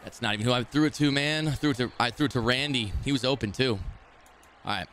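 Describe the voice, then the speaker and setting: A man streaming a football video game, commenting live in a brash, excitable, trash-talking way. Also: medium pitch, fast talker, slight background noise.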